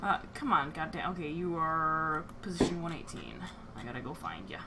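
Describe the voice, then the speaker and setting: A woman's voice: deep voice, sing-song, moderate pace, very noisy. A woman game master on a live stream, joking casually, swearing, and filling her talk with "uh.". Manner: filler-heavy, joking, swears freely.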